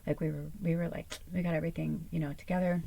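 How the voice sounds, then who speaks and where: A woman's voice: deep voice, level tone, fast, vocal fry, heavy background noise. A woman host chatting casually, telling a rambling personal story with plenty of fillers and swearing. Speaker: channel host. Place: small camper or home interior.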